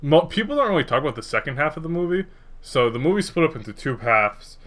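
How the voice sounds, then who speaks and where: A man's voice: on the high side, big pitch swings, fast talker, fairly bright tone. A young man co-hosting a podcast in a casual, rambling chat, cursing freely. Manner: rambling, laid-back, swears freely. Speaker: podcast co-host.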